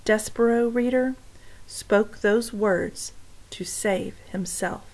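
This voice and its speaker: A woman's voice: medium pitch, rough recording. A woman reading a storybook aloud to young listeners, stopping to speak to them directly. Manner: warm direct address to listeners.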